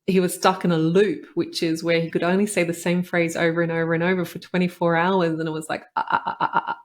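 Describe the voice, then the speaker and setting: A woman's voice: fairly low pitch, flat delivery, fast talker. A woman, a podcast host and doctor telling a personal story in an earnest, reflective way, often saying "like" and "you know".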